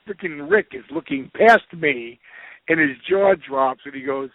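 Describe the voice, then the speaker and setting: A man with a slightly high voice tells a rambling, swearing story as a podcast guest and acts out the people he quotes. The sound is thin and telephone-like, with no room echo at all. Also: big pitch swings, normal speed, creaky. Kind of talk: casual anecdote storytelling. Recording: tinny phone-like line, dry.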